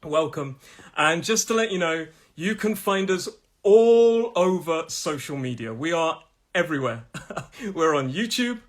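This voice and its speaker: British male teacher, live phone stream, husky, slightly higher voice, chatty. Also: expressive. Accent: British English. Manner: chatty, repeats words slowly with stress, laughs often. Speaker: English pronunciation teacher. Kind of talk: live-streamed language lesson.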